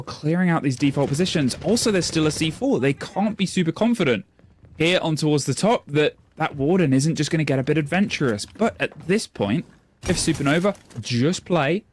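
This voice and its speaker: A man's voice: a little high, a little hiss or hum. A man casting an esports match, rambling and self-deprecating between plays. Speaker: esports caster. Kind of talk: play-by-play commentary.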